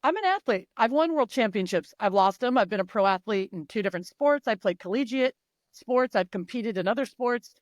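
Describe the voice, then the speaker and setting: A woman's voice: fairly high pitch, lively intonation, fairly quick, no echo, clean studio sound. Emphatic, blunt-talking woman coach. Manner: emphatic, blunt, swears freely. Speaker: mental performance coach. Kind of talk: casual interview talk.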